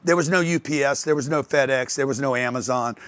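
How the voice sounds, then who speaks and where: An older man giving a motivational talk on sales to an audience, telling lively stories and acting out the voices of other people. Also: medium pitch, fast, clear, resonant tone, no echo. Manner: animated storytelling, acts out others' voices. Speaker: speaker on sales and wealth.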